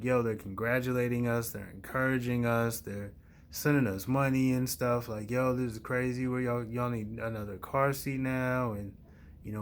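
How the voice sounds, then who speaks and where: A young man chatting casually to his viewers and telling a family story in a relaxed, rambling way, with many fillers and slang words. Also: on the low side, a little hiss or hum. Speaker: vlogger.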